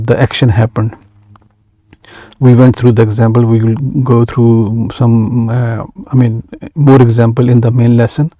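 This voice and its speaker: A man's voice: medium pitch, warm tone, dry recording, highs cut off. A man teaching an Arabic grammar lesson, reading Arabic phrases and then explaining each one in English with frequent hesitations.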